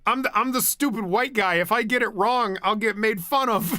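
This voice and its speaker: A man's voice: very high-pitched, measured pace, sharp tone, dry recording, clean studio sound. A young man streaming and chatting casually, rambling, laughing often and swearing freely. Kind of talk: casual chat. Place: home streaming setup.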